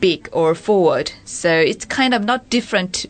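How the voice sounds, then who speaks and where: A woman's voice: on the low side, animated, a little slow. A woman speaking as a guest in a casual chat, hesitant and searching for her words.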